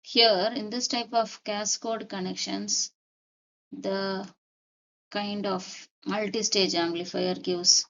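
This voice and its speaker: A woman teaching a lesson step by step, deliberately repeating her key points. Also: mid-range voice, gravelly, lo-fi sound. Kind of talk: step-by-step lecture.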